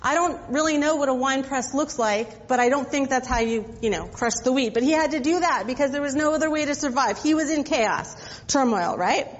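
A woman's voice: sits high, a little fast. A woman pastor giving a sermon, retelling the story in a conversational way with casual asides to the congregation. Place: church sanctuary. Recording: dull audio with long reverb.

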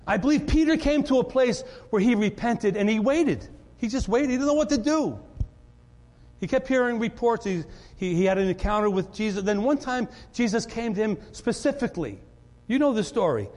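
A man preaching a sermon as pastor, animated and conversational, often repeating words as he builds up. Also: sits high, brisk. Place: church. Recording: church hall reverb.

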